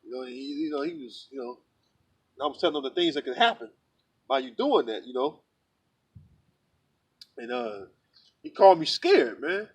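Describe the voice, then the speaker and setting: A man's voice: medium pitch, sing-song, normal speed, pauses often, slightly rough, recorded from a distance. A man telling a story in casual talk, rambling and profane, repeating himself with lots of "you know" and "man". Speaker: religious group member telling a story.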